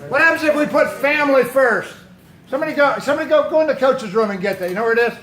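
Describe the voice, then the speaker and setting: A man with a high, light voice speaks as a pastor, quizzing his young listeners and repeating their answers back to them. He sounds like he is in a big echoey room. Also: animated, quick pace, fairly bright tone, faint music behind. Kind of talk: talk to a youth football team.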